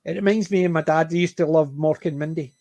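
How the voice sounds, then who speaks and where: A middle-aged Glaswegian man hosts a casual panel chat, spinning anecdotes in a lively way. His voice sits fairly high, and the recording is dry and close with no room sound. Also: quick pace, dry recording. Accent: Glaswegian Scottish. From Scotland, Glasgow area. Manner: chatty, anecdotal, animated. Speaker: panel host.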